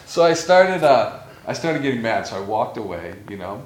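Male meditation teacher, mid-pitched, thoughtful anecdotal delivery, recorded in a reverberant room. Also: very animated, normal speed. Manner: reflective, storytelling, laughs often. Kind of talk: informal spiritual talk. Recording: echoey room with faint ambience.

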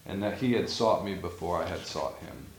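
A man's voice: low-pitched, expressive, moderate pace, creaky, slight background noise. A man giving an informal spiritual talk as a teacher, reflective and storytelling, laughing now and then. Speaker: meditation or yoga teacher. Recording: echoey room with faint ambience.

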